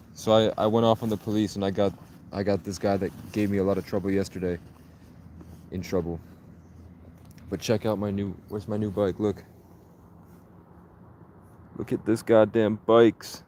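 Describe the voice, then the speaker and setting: A man's voice: fairly low pitch, little pitch movement, normal speed, long pauses, dark tone, a little hiss or hum. A man livestreaming outdoors from the woods on his phone, telling a rambling, profane, agitated story in a casual way. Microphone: phone held at arm's length.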